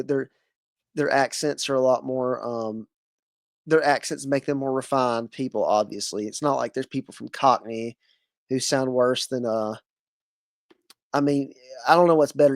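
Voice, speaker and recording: A man's voice: medium pitch, fairly even intonation, normal speed, no room sound, clean studio sound. Rambling Southern-accented male podcast host. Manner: rambling, many fillers and restarts. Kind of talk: casual conversational interview.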